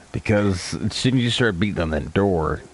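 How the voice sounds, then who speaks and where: Man, podcast host, very deep gravelly voice, swears a lot, casual chat. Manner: profane, storytelling.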